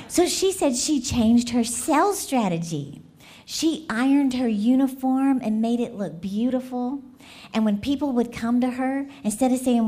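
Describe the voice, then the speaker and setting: A woman gives a church message, and her voice sits a little high. She tells stories with animated energy, breaks into laughter and puts questions to the congregation. She speaks as a guest preacher at the front of a church. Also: unhurried. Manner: lively, laughing, animated storyteller who asks the crowd questions.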